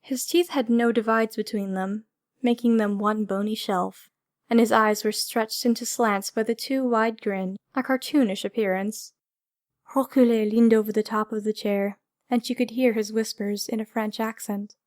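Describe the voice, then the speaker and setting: A woman narrating a fantasy audiobook in a measured, descriptive way. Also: fairly high pitch, steady tone, darkish tone.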